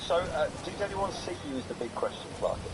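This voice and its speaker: A man's voice: a little high, animated, quick pace, over loud music, rough recording. A man in his thirties, co-hosting a podcast in casual chat, musing and teasing with frequent laughter. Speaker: podcast co-host. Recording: loud background noise.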